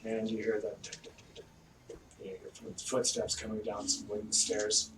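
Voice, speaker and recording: A man's voice: on the low side, completely flat delivery, normal speed. A man narrating a tabletop game as game master, in a casual manner with fillers. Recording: echoey room, distant mic, faint noise.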